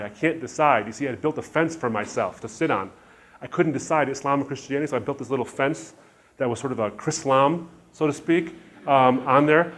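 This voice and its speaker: A middle-aged man giving a personal testimony as a Christian speaker, telling his story in an animated way and acting out the dialogue. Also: medium pitch.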